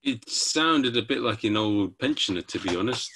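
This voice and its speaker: A man's voice: on the low side, lively intonation, normal speed, a bit bright, breathy edge. A man hosting a podcast, asking short questions and chatting casually with his guest. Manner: short prompting questions, easy laughs. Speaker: podcast host. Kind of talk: casual interview chat.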